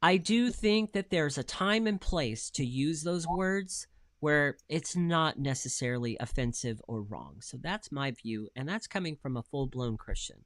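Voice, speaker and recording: A man's voice: fairly high pitch, lively intonation, a little slow, no room sound, studio quality. A man co-hosting a casual livestream talk show. He speaks in an emphatic, opinionated way over a video call. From United States. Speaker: co-host.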